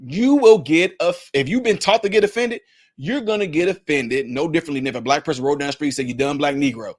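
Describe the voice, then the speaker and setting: The commentary vlogger talks at a quick pace in a husky voice on the high side. He's emphatic and preachy, hammering points home by repeating them, and he voices what others say with put-on impressions.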